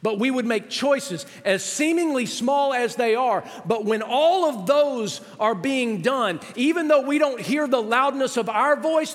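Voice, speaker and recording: A man's voice: extremely high pitch, animated, measured pace. A man, out of breath as he presses his points to the congregation. His words ring out with a long reverb from the church hall. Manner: preaching with rising intensity, addresses ladies and gentlemen. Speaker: pastor. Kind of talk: sermon.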